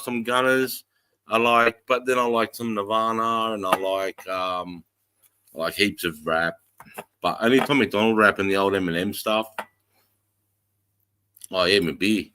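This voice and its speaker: A man's voice: on the low side, sharp tone, a little hiss or hum. A middle-aged Australian man hosting a casual livestream, greeting viewers in a laid-back, sweary way. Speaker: livestream host.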